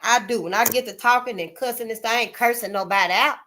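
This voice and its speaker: A woman delivers a loose spoken monologue to her viewers, emphatic and blunt. She cusses freely and circles back on her points like a preacher. Her voice sits a little high and sounds sharp and bright. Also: fast. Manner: preachy, repeats points to drive them home. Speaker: channel host. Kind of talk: casual spoken commentary monologue.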